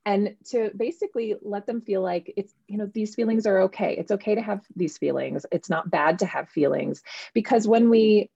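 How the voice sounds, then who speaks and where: A woman in her thirties, an author, chatting in an interview with an animated manner and plenty of fillers. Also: mid-range voice, moderate pace, vocal fry, slightly rough, no room sound. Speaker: author and guest. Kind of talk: casual interview conversation. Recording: dull, lo-fi sound.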